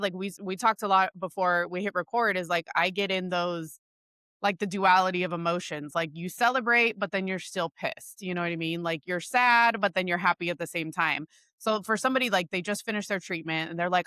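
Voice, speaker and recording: A woman hosting a podcast interview, chatting in an animated, casual way and laughing as she talks. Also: fairly low pitch, fairly quick, no room sound, studio quality. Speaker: podcast host.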